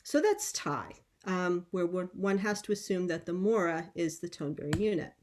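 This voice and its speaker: A middle-aged woman lecturing on linguistics at an academic conference, explaining at a measured pace and often pausing on "um". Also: fairly low pitch, expressive, a little mellow. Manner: measured, explanatory, with frequent ums.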